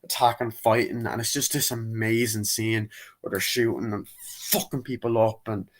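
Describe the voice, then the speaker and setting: A young man giving a casual spoken movie review, rambling and acting out scenes in quick impressions. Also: fairly low pitch, flat delivery, a little hiss or hum.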